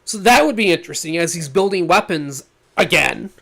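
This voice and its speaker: A man co-hosting a podcast in casual chat, animated and laughing often as he pitches ideas. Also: fairly quick, gravelly. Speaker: podcast co-host.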